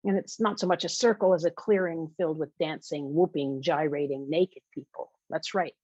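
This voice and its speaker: Woman reading her own novel, low pitch, husky, dry muffled recording. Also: darkish tone, no echo. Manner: measured, intimate storytelling. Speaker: author reading own book.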